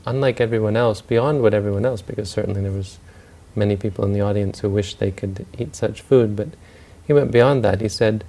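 Gravelly low-voiced male storyteller. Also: fairly quick, hardly any pauses, dark tone. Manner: loose, with fillers and restarts. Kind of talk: spoken storytelling talk.

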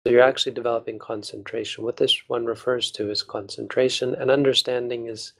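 A male monk guides a study group through a text, speaking in a patient, measured way. His voice has a gravelly fry and stays flat in pitch. He pauses and restarts as he works through each point. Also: poor audio. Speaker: Buddhist monk teacher.

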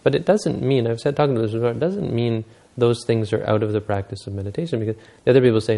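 A man's voice: mid-range voice, fast talker, creaky, hardly any pauses, warm tone. A man giving a Buddhist dharma talk, telling stories and explaining teachings unhurriedly, using Pali terms.

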